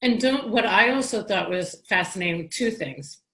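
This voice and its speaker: A woman's voice: medium pitch, moderate pace, fairly bright tone, poor audio. A woman from Long Island, New York, hosting a casual interview, chatty and telling stories with frequent restarts. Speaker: podcast host.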